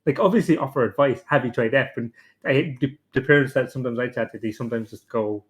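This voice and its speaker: Young man, podcast chat, rambling, swears a lot, mid pitch. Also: fast talker. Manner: rambling, sweary, animated storytelling. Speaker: podcast panelist. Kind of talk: casual chat.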